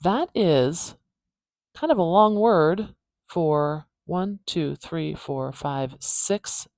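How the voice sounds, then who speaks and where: Woman, speech pathologist, casual phonetics lesson, some vocal fry, dry close sound. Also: low voice, animated, a little mellow, no echo. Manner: repeats words slowly to demonstrate sounds.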